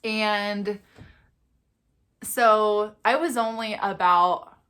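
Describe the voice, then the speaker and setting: A woman's voice: mid-range voice, fairly even intonation, very slow, fairly bright tone. Chatty young woman telling a story. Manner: chatty, peppered with "like" and "you know". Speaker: vlogger. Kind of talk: casual storytelling.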